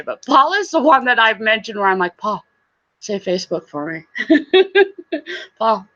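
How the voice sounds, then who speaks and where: Bright-voiced chatty woman streamer. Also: mid-range voice, dull audio. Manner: chatty, warm greetings to viewers, laughs often. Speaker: live-stream host and reseller. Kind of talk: casual live-stream chat, reading viewer comments.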